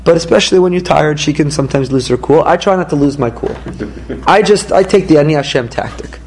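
A middle-aged man teaching a lively Torah lesson to a small live audience, talking emphatically and often jumping into high-pitched quoted voices. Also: fast, a little hiss or hum, rough recording. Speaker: rabbi teaching a class. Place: room with a small listening audience.

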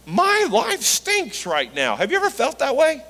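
A man preaching a sermon as pastor, animated, rising in pitch and force when he acts out what people say to God. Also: measured pace, creaky. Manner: animated, rising into emphatic high pitch on quoted lines. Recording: long hall reverb.

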